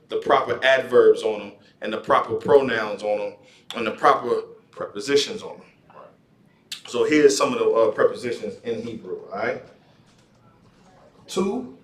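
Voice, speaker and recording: A man teaching a classroom language lesson, repeating words and often checking in with "all right?". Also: mid-range voice. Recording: echoey room, far from mic.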